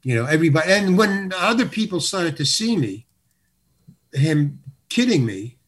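Husky older man telling show-business stories. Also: on the high side, very animated, moderate pace, fairly bright tone. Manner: rambling, self-interrupting, wry. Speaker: guest, comedian. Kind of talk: anecdotal storytelling.

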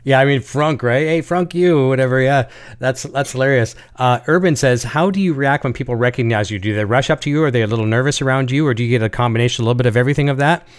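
Brief: eager male interviewer, quick, smooth and clear delivery. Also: medium pitch. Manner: quick, enthusiastic, reads viewer questions. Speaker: interview host. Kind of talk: casual interview chat.

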